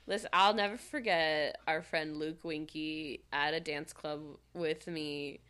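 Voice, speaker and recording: A woman co-hosting a podcast, telling stories in casual chat with a lot of "like" and loud bursts of laughter. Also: low voice, a little slow, few pauses, clean tone. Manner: animated storyteller, heavy use of "like", bursts of loud laughter. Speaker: podcast co-host. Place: podcast studio.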